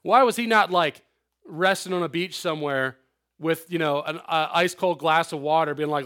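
A young man delivers a sermon to teenagers in a loose, talkative style full of asides. His voice sits a little high. His delivery swings from quiet, low stretches to loud, emphatic climaxes. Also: moderate pace. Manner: animated, conversational preaching with asides and acted quotes. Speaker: youth pastor.

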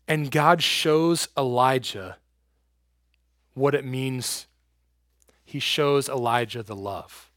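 A man preaching an informal youth sermon in casual slang, swinging between loud and hushed. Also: medium pitch, slow pace, pauses often, no room sound, clean studio sound.

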